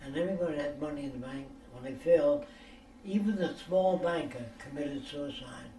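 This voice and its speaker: An older American man with a slightly high voice gives blunt, salty stories, stopping to ask if you follow him. He sounds set back from the mic in an echoey room with faint ambience behind him. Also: a little fast, warm tone, recorded from a distance, slight background noise. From United States. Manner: blunt and profane, keeps checking with "do you understand?". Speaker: speaker answering questions. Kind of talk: rambling lecture-style storytelling. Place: private room for a question session.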